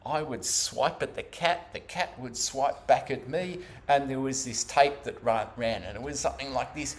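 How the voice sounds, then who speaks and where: An Australian man giving a personal talk about his path into Zen practice, speaking haltingly with many fillers and restarts. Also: medium pitch, slight background noise.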